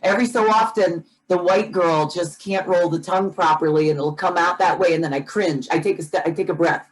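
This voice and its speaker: Woman co-host, lower pitch, easygoing, reads comments aloud. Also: brisk, rough recording. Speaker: podcast co-host. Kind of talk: casual chat.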